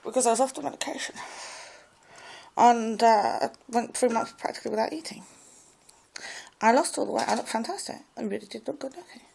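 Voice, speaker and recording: A woman talking to camera in a rambling personal monologue, repeating herself and trailing off into soft mumbles. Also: a little high, fairly quick, creaky, pauses often, husky, rough recording. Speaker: vlogger.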